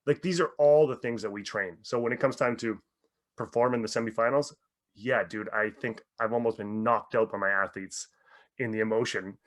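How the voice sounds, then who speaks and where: A man's voice: lowish voice, fairly even intonation, moderate pace. A man working as a mindset coach for athletes, telling stories animatedly in a podcast interview and swearing freely.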